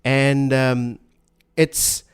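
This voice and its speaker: A man's voice: medium pitch, little pitch movement, clean tone. Rambling man co-hosting a chat podcast. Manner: rambling, halting, with restarts and laughter. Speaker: podcast co-host. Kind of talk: casual chat.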